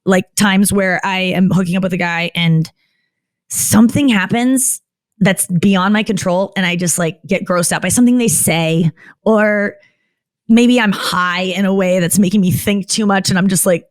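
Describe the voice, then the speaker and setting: A woman comedian, a guest in a candid podcast interview, who rambles and keeps cutting herself off with "like" and restarts. She jumps up in pitch when she acts out what other people said. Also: normal speed, no echo. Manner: rambling, frequent "like", self-interrupting.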